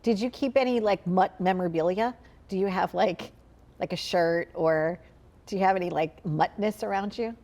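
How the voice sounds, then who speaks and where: A woman's voice: on the low side, normal speed, a little mellow. A woman from Saint Louis hosting a talk show, asking rambling, chatty questions full of "like" in a casual interview. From Midwest US, Saint Louis.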